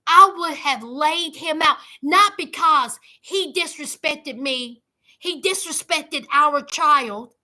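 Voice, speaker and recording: A woman's voice: sits high, slow pace, bright, forceful tone. A woman hosting a casual livestream, giving sassy, emphatic commentary and talking straight to her viewers. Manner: sassy, emphatic, talks to viewers as y'all and honey. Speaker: commentary host.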